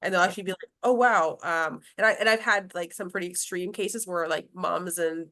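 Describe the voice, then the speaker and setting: A woman's voice: lowish voice, a little fast, bright, forceful tone. A woman who works as a grief specialist, talking casually in an interview with many restarts, fillers and laughs.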